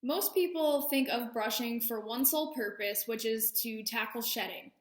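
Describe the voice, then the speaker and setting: A woman's voice: fairly high pitch, normal speed, echoey room. A woman service dog training instructor explaining training methods with friendly, self-deprecating asides. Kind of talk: instructional talk.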